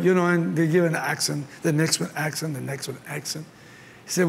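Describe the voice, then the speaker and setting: A man's voice: on the high side, moderate pace, gravelly, slight background noise. An older man from Mexico with a Mexican Spanish accent preaching a sermon at a conference, telling stories with passion and acting out the voices he quotes. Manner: impassioned storytelling, acts out quotes. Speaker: pastor. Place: large conference hall. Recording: long hall reverb, faint ambience.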